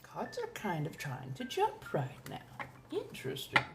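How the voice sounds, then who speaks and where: A Southern California woman reads tarot from home on a live stream, chatting casually in a theatrical, drawn-out manner and addressing viewers as darlings. Her voice sits on the low side with huge pitch swings, over a noisy background.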